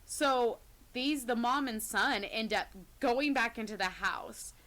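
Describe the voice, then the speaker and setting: A woman co-hosting a podcast, casually retelling creepy stories, sometimes dropping to a hush and often laughing. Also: on the high side, slow pace. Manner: retells scary stories, drops to hushed tones, laughs often. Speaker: podcast co-host. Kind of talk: casual storytelling chat.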